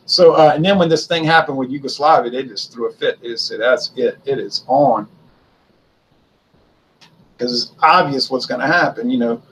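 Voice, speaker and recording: A man's voice: mid-range voice, fast talker, few pauses, fairly bright tone, a little hiss or hum, poor audio. A man giving a casual spoken history commentary, chatty and conversational, asking rhetorical questions and answering them himself. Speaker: history video host.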